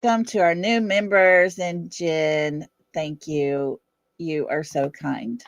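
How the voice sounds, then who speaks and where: A woman's voice: fairly low pitch, steady tone, slow pace, dry recording. A middle-aged woman with a Southern US accent hosting a casual livestream chat, blunt, defiant and fiery. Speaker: livestream host.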